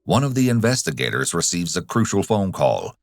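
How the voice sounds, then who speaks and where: A male narrator with a very low voice delivers true-crime narration in a grave, dramatic way. The recording is dry and close, with no room sound. Each sentence is read as a written script. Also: big pitch swings, fairly quick, no room sound. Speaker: documentary narrator.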